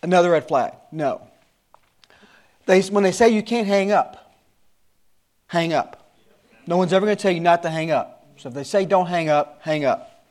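A man's voice: fairly high pitch, fairly quick, darkish tone. A man in his sixties, a Sunday school teacher giving his class an earnest, repetitive warning in casual talk. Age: 60s.

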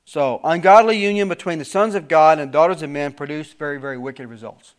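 A man leads a verse-by-verse Bible study in a slightly high voice. He reads scripture with rising emphasis, then drops into plain explanation, often restarting and repeating his words. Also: brisk, hardly any pauses. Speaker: preacher.

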